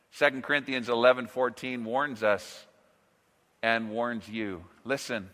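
A male pastor preaches in a slow, deliberate cadence, leaning into words with sudden swells and drops. His voice sits a little high and rings bright and forceful. The sound carries a long reverb from a large church hall. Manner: slow, emphatic preaching with dramatic pauses and swells. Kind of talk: sermon.

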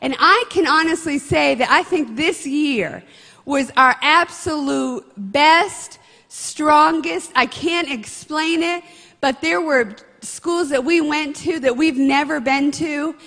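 A woman's voice: high-pitched, slow, bright, forceful tone, big-room sound. A woman leading a church announcement and prayer, speaking in an earnest, heartfelt way. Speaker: church ministry leader. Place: church sanctuary.

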